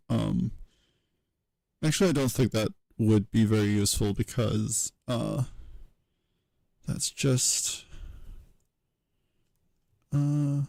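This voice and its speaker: A man giving a casual livestream tutorial, thinking aloud at his computer in a halting way, with many fillers and self-corrections. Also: mid-range voice, creaky, darkish tone, dry recording, rough recording. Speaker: streamer teaching historical linguistics.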